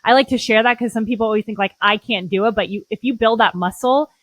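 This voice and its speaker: A woman's voice: a little high, fast talker, dry recording, low-quality recording. A woman hosting an interview podcast, talking enthusiastically in casual slang. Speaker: podcast host.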